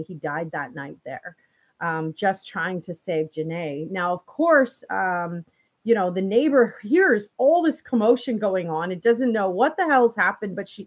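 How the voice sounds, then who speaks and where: A woman host recounts a true-crime case in a loose, conversational way. She speaks straight to her viewers, piles on fillers and restarts her sentences. Her voice sits at an ordinary middle pitch. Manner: rambling, full of "you know" and restarts. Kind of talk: casual true-crime storytelling to a live audience.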